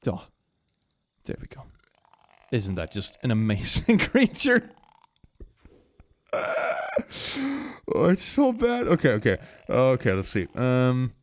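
A man streaming a game, commenting casually and excitably, swinging between gushing and mumbling with frequent laughs. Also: mid-range voice, no room sound.

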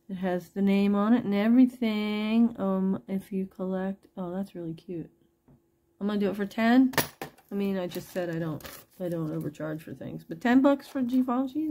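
An online jewelry seller with a gravelly, husky, mid-range voice chats warmly with her viewers at a moderate pace, holding up each piece and saying its price aloud. It's a casual live sales chat, with a little hiss or hum in the background.

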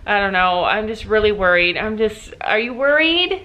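A mom from Canada holds the camera and chats casually with her viewers, speaking straight to them. Her medium-pitched voice is expressive and moves at a normal speed, though the recording's highs are cut off.

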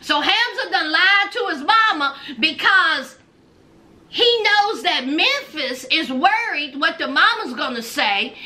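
A woman's voice: extremely high pitch, pushed and bright. A woman giving a sassy, teasing casual recap of a reality show.

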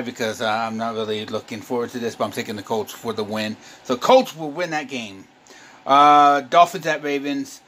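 Man, casual sports vlog host, rambling, self-deprecating, average pitch, home camera mic. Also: fairly bright tone, slight background noise.

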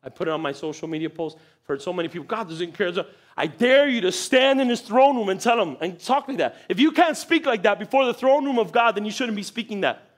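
A man preaching a sermon in church, animated, acting out little voices and laughing often. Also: high voice, fairly quick. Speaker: pastor. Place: church sanctuary.

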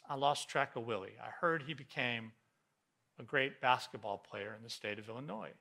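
Bright-voiced preaching man. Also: medium pitch. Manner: animated, retelling a story with quoted voices. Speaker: pastor. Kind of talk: sermon storytelling. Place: church sanctuary.

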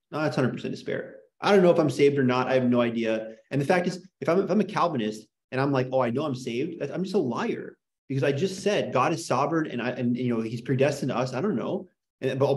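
A man's voice: medium pitch, darkish tone. A man lecturing a small class in an impassioned, worked-up rant. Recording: echoey room.

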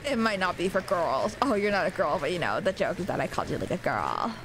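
A woman's voice: fairly low pitch, big pitch swings, fast, noisy background. A woman from the United States casually chatting with her viewers while playing a horror game, joking and swearing freely. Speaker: streamer. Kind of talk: casual gaming stream chat.

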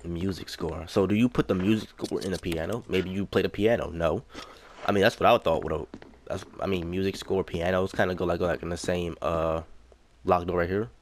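A man's voice: low voice, fairly even intonation, a little fast, a little hiss or hum. A young man playing a horror game, talking to himself and repeating lines as he goes, breaking into panicked yelps when danger hits. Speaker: gaming YouTuber. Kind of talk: let's play commentary.

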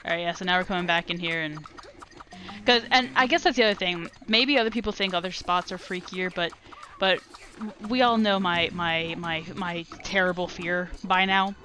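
Lively young woman streaming a game. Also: lowish voice, moderate pace, a little hiss or hum. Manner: animated, laughs often, chats with viewers. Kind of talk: casual gameplay commentary.

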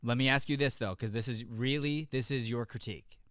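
A man's voice: mid-range voice, brisk, a bit bright, clean tone, no echo, studio quality. A man who teaches acting gives friendly, coaching feedback to a student over a video call, often restarting his sentences.

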